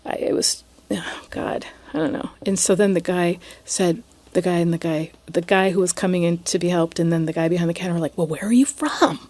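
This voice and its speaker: A woman hosting a podcast, telling a personal story in a hesitant way, with frequent restarts and soft, near-whispered asides. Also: on the low side, fairly quick. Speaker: podcast host.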